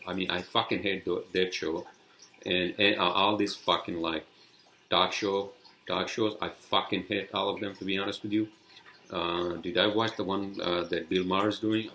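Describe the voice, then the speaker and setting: Low-voiced man ranting angrily. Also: fairly even intonation, moderate pace, bright, forceful tone, roomy sound, a little hiss or hum. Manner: angry, profane, rambling. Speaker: podcast host. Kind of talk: solo podcast rant.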